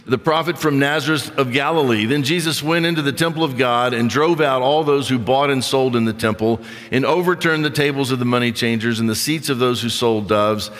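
A man's voice: medium pitch, fairly quick, hardly any pauses, a bit bright, long reverb tail. A man preaching a conversational sermon as a pastor, reading scripture and acting out the voices of his listeners.

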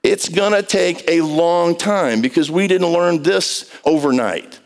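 A pastor with a slightly high, unhurried voice gives a conversational sermon in a large church, telling stories and quizzing his congregation. The recording carries the long reverb of a big hall.

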